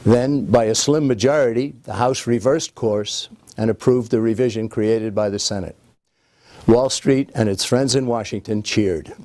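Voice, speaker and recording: Male narrator from the United States, mid-pitched, earnest and emphatic lecturing read, dry close voice-over. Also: a little mellow, dry recording. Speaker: political speaker and narrator. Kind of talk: scripted documentary narration.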